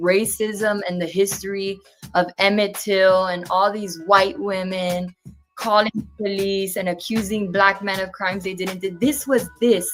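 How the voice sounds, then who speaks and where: A woman's voice: medium pitch, gravelly. A woman in her twenties, a guest telling a personal story in an earnest, indignant way and acting out each exchange as she goes. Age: 20s.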